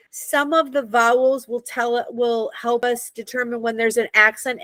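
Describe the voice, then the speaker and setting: A woman's voice: fairly high pitch, fairly bright tone, dry recording. An American woman teaching a Hebrew reading class, patiently checking that her students follow. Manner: patient, checks understanding often.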